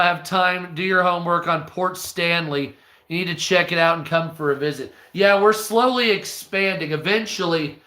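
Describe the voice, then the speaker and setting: A man's voice: high-pitched, bright, forceful tone, roomy sound. A man hosting a livestream, chatting casually and swearing freely as he rambles through stories and answers his chat. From United States. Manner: profane, storytelling, talks to chat. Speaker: livestream host.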